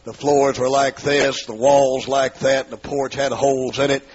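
This testimony sermon comes from a Southern US man who tells his life story, voicing the dialogue and building into pleading cries. He keeps a level tone and a measured pace in a mid-range voice. Sound is lo-fi, muffled and husky.

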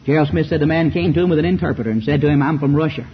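A man speaks very fast in a fairly high pitch, preaching a fiery sermon in a Southern US accent. Rhetorical questions and mocking asides fill his delivery. The recording is muffled and carries a faint background hiss.

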